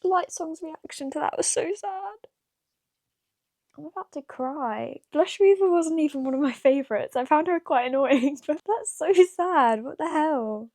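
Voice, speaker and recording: Excitable woman gasping through a book reaction. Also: high voice, unhurried, no room sound, clean studio sound. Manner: chatty, many fillers like "like" and "what the hell". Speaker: book vlogger. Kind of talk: casual reading-reaction vlog.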